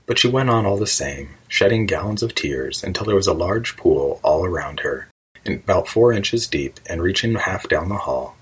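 A man narrating a storybook in a measured, even reading voice. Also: low voice, slightly rough, poor audio. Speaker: audiobook narrator.

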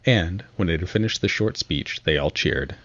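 A man giving measured audiobook narration of a classic storybook. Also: sits low, expressive, fairly bright tone, lo-fi sound.

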